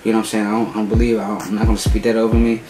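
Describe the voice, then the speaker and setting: A man's voice: fairly low pitch, flat delivery, very fast, reverberant, low-quality recording. A man hosting a casual reaction vlog, stuffy from a cold, laid-back and repeating himself. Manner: laid-back, repeats "you know what I'm saying". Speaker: YouTube reaction host.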